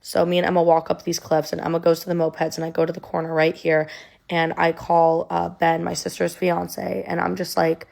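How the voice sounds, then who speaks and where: A woman's voice: on the low side, monotone, brisk, creaky, darkish tone. A young woman telling a personal story in a conversational way, with many ums and likes, her voice sounding emotional and near tears.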